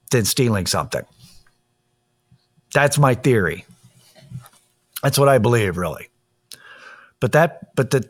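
A man talking in a casual monologue, blunt, opinionated and profane as he tells a story and gives his views. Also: mid-range voice.

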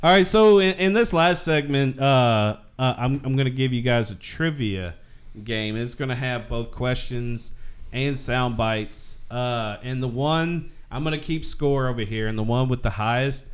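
A man hosts a loose podcast quiz among friends, his voice smooth and clear at an ordinary middle pitch. He rambles a little, restarts his sentences and hums while the others think. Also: measured pace. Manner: chatty, stumbling restarts, hums while waiting. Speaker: podcast host running a trivia game. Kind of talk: casual chat.

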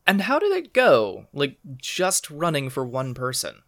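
A man's voice: a little high, wildly swooping pitch, a little slow, a bit bright. A young man co-hosting a podcast, chatting casually in a self-deprecating way into his microphone. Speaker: podcast co-host. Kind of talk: casual chat.

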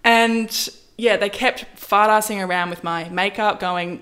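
A woman in casual storytelling, lively, acting out quoted lines with big pitch jumps. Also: measured pace, hardly any pauses. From Australia. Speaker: model, interview guest.

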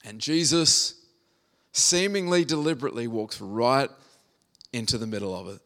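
A man's voice: mid-range voice, normal speed, fairly bright tone. Male preacher, mid-range voice, conversational sermon with jokes. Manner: conversational, humorous storytelling with scripture reading.

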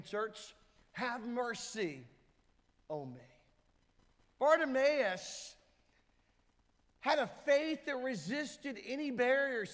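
Pastor, male, high voice, emphatic sermon delivery, church reverb. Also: fairly bright tone. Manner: emphatic preaching, acts out crowd voices. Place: church sanctuary. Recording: hall reverb.

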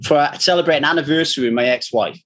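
A man's voice: on the high side, rapid-fire. A man from Manchester with a Northern English accent, chatting casually and telling blunt, profane stories. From Manchester, England. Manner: blunt, swearing freely, lively storyteller. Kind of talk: casual chat, storytelling.

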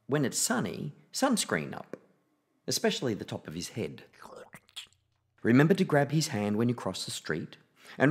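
A man reading a children's picture book aloud in an expressive, playful storytelling manner. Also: mid-range voice. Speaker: storybook reader.

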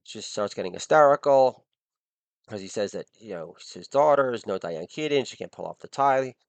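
Man, middle-aged, podcast comedy monologue, crude jokes, chuckles at himself, swooping lively pitch, dry close sound. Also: brisk, gravelly, no room sound. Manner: crude joking, laughs at his own lines. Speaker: podcast host. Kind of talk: comic monologue.

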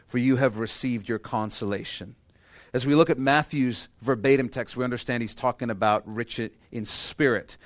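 A man preaching a sermon as pastor, earnest and emphatic, dropping to a quiet intensity on heavy points. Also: fairly low pitch, no room sound. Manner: earnest preaching, stresses key lines, drops to soft intensity.

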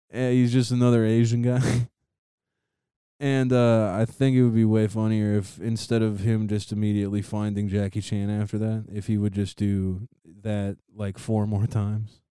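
A man's voice: lowish voice, flat delivery, a little slow, dark tone, smooth, no room sound, clean studio sound. A young man telling rambling stories in a casual chat with friends, laughing often.

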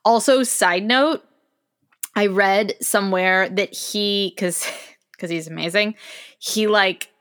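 A woman's voice: mid-range voice, slow pace, fairly bright tone, smooth. A woman co-hosting a podcast in casual chat, enthusiastic and talkative, with many fillers and restarts. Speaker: podcast co-host.

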